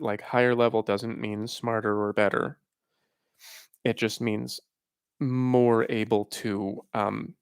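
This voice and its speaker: A man with a gravelly, creaky voice talks in a loose, halting way, thinking aloud and restarting his sentences. He sounds tired and worn out, as if he has talked for too long. His voice is close and dry, with no room sound. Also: on the low side, dry recording. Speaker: livestream host. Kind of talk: casual live Q&A talk.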